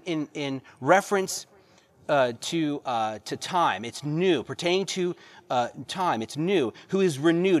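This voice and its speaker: A male pastor with a fairly high voice preaches a sermon, reading verses aloud. He presses the congregation with rhetorical questions and repeated phrases.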